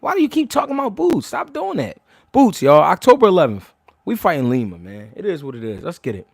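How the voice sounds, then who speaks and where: A man hosting a boxing talk livestream, brash and rapid-fire, full of slang and cursing. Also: a little high, big pitch swings, creaky, no echo. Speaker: boxing talk show host. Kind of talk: profane livestream commentary.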